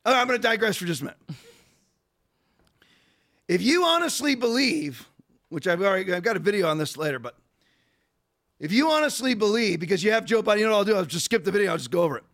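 Male podcast host, very high-pitched, bright pushy tone, rhetorical rants. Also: sing-song. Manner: rapid, digressive, rhetorical ranting. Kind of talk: political commentary.

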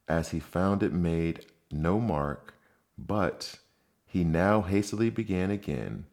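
A man narrating a storybook in a calm, measured way. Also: low-pitched. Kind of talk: storybook reading.

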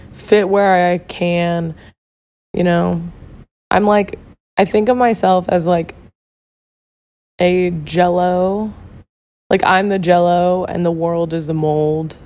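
A woman hosts a laid-back solo podcast in a hoarse, gravelly voice, rough from having lost it. Her pitch sits slightly low. She chats candidly, swears freely and leans on filler words. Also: darkish tone. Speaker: podcast host. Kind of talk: casual solo podcast talk.

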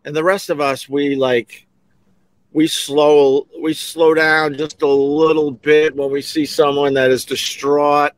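A man's voice: a little high, little pitch movement, takes it slowly, dry recording. A middle-aged man hosting a podcast, telling a rambling, digressive story and acting out the voices of people he quotes. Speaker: podcast host, former radio host. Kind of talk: casual storytelling monologue.

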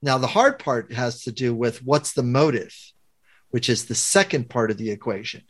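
A man's voice: mid-range voice, normal speed. A man working as a conflict coach, explaining a communication method to a guest and acting out quoted lines as he goes. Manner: animated teacher, acts out quoted lines.

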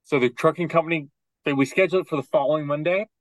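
A man co-hosting a casual podcast, telling a long rambling anecdote with quick restarts and acting out the people in it. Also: a little high, no echo, poor audio. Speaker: podcast co-host. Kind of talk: casual storytelling chat.

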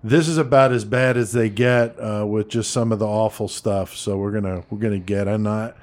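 A man's voice: on the low side, steady tone, moderate pace, a little mellow. A man hosting a podcast in casual, profane, laid-back banter. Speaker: podcast host.

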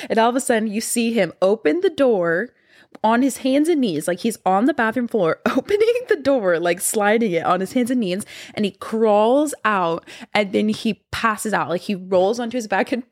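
A woman's voice: fairly high pitch, dry recording, studio quality. A woman in her twenties, hosting a podcast and telling stories in a chatty way with lots of fillers. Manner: chatty, heavy use of "like". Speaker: podcast host. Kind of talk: casual storytelling.

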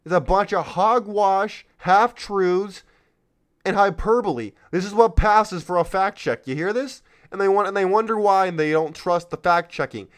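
A man's voice: sits high, normal speed, clear, resonant tone. A man hosting a political commentary podcast, talking in a heated, sarcastic rant. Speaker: podcast host.

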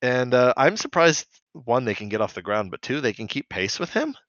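On a casual podcast, a co-host with a mid-range, fairly bright voice recaps a cartoon episode animatedly at a moderate pace, chatting away and acting out characters' lines. The mic sound is dry and slightly dull, with no echo.

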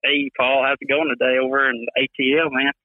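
A man's voice: mid-range voice, flat delivery, fairly quick, no echo. A man in his twenties with a thick Alabama accent, a guest talking in an easygoing, drawling way, often adding "man" and "you know". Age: 20s. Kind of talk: casual phone interview. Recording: tinny dry phone line.

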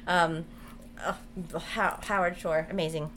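A woman in casual chat, animated and giggly, with casual swearing. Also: lowish voice, unhurried, crowd noise.

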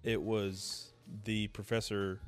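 A man in casual podcast chat, laid-back and agreeable. He has a fairly low voice and easygoing delivery. Faint music plays underneath. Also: little pitch movement, slow pace, smooth. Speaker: podcast co-host.

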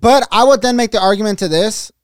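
A man's voice: high-pitched, fairly quick, smooth, no echo, clean studio sound. A young man co-hosting a podcast, telling rambling stories in casual chat. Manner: rambling storyteller, animated retellings. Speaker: podcast co-host.

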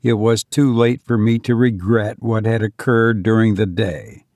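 A man reading a gothic story aloud as a narrator, measured and expressive, dropping quiet for dialogue. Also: on the low side, dry recording, clean studio sound. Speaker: audiobook narrator.

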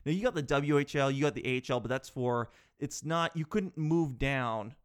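A man talking in a rambling, animated way, asking himself rhetorical questions and swearing casually. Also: medium pitch, moderate pace, smooth. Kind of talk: casual chat.

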